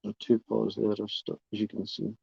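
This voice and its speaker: This livestream host, who shows off pet reptiles and spiders, has a creaky, husky voice on the low side with a dark, monotone delivery at normal speed and no room sound. He talks chattily and affectionately about his pet spider, occasionally slipping into baby talk for her. His camera sits close by on a tripod, and the audio is dull and slightly lo-fi.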